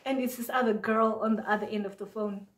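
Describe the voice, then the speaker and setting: A young woman from Zimbabwe tells a story from her life in a casual vlog, acting out both sides of a phone argument in lively voices. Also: medium pitch, brisk, roomy sound. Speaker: vlogger.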